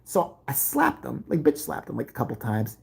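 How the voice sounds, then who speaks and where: A woman's voice: rumbling low, huge pitch swings, moderate pace, vocal fry, a little mellow, slightly rough. A middle-aged woman telling a profane comic story about her school days, brash and laughing as she goes.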